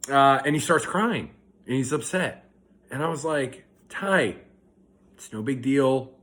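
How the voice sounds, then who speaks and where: A man's voice: medium pitch, a bit bright. A young man telling a rambling, self-correcting story in a casual monologue, filmed outdoors at a park. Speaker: vlogger.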